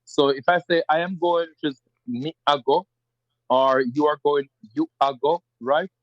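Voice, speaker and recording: A man's voice: measured pace, no room sound, muffled recording. A man with a Jamaican accent, a guest in a conversational interview, talking animatedly and slipping into other dialects. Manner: animated, imitates dialects with lively pitch jumps.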